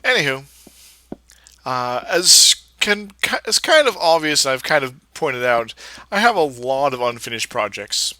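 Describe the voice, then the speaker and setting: Rambling man, very bright dry voice. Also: medium pitch, big pitch swings, measured pace, no echo. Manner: rambling, many fillers and restarts. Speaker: Let's Play creator. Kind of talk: casual gameplay commentary.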